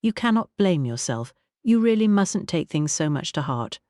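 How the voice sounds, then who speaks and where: A narrator doing a kindly Scottish woman in an audiobook, soft and gentle, every word reassuring. The voice sits at a middling pitch and is recorded dry and close, with no room around it. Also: sing-song, normal speed, no room sound, lightly acted. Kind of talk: audiobook character reading.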